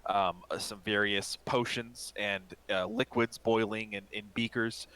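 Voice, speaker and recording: A man's voice: fairly low pitch, fairly even intonation, unhurried, fairly bright tone, rough recording. A man narrating as game master in a casual, rambling way, full of fillers and restarts.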